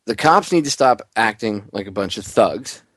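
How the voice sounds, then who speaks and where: A man's voice: on the low side, lively intonation, moderate pace, a bit bright, no echo. A man hosting a political talk radio show, ranting bluntly with heated sarcasm.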